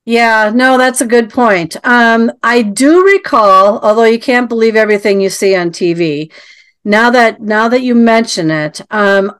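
A woman's voice: on the high side, smooth. A woman hosting a casual interview, asking long, hesitant questions full of restarts and hedges. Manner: rambling, hesitant, hedging questions. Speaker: interview host.

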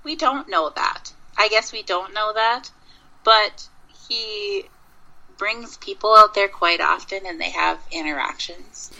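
Gravelly bright-voiced woman from Minnesota. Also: mid-range voice, slow, muffled recording. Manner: rambling, with many restarts and fillers. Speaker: Bigfoot researcher guest. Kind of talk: casual interview storytelling.

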